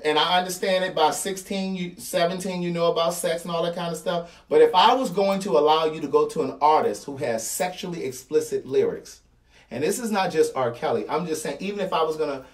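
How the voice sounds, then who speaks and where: A man's voice: on the high side, expressive, normal speed, recorded from a distance. A man in his thirties with a Baltimore accent, giving a blunt, slangy commentary monologue, repeating points for emphasis. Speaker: vlogger.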